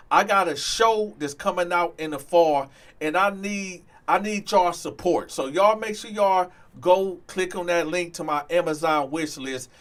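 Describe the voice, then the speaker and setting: A man hosting a storytime channel, talking straight to his viewers in an animated way, with frequent "y'all" and stammered restarts. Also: high-pitched. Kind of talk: casual storytime monologue.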